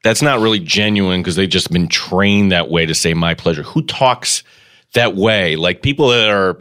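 A man's voice: low-pitched, normal speed, pushed and bright. A man co-hosting a sports radio show, talking in an easygoing, conversational way. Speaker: co-host. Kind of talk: casual sports radio chat.

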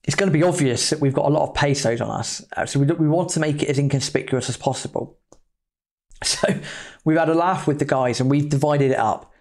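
A man's voice: a little high, a little fast. Chatty man telling a story. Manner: chatty, loose, with mild swearing. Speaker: podcast host. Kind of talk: casual anecdotal storytelling.

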